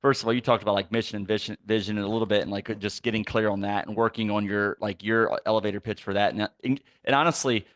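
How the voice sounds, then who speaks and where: Male podcast host, quick casual talker, low pitch, dry close recording. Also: steady tone, a bit bright, dry recording. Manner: casual, restarts often, affirming. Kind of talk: interview chat.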